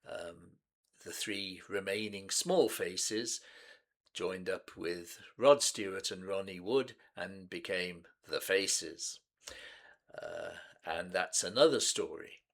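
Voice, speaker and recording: Slow, low-voiced older man reminiscing. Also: vocal fry, a bit bright. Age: 70s. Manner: unhurried and hesitant, many ums and restarts. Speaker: music reaction channel host. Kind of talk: reminiscing music commentary.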